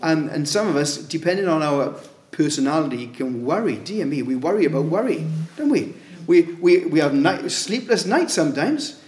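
A man's voice: a little high, animated, moderate pace, few pauses, a little mellow. A man preaching a sermon in a conversational way, asking his listeners rhetorical questions. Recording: echoey room.

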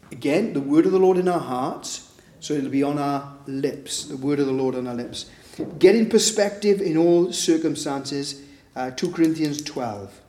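A man's voice: fairly high pitch, moderate pace, dark tone, roomy sound. A man preaching informally at a Bible study, talking conversationally and tagging points with rhetorical questions. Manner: conversational, with frequent "isn't it?" tag questions.

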